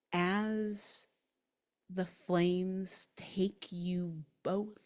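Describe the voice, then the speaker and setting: A woman runs a tabletop game and narrates its grim ending in a slow, halting, dramatic way. Her voice sits a little low, and she takes her time with every phrase. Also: darkish tone. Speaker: game master.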